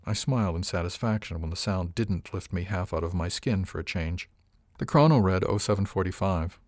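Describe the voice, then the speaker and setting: Low-voiced man narrating a story. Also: brisk, darkish tone, no room sound, studio quality. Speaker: audiobook narrator. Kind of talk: first-person scripted narration.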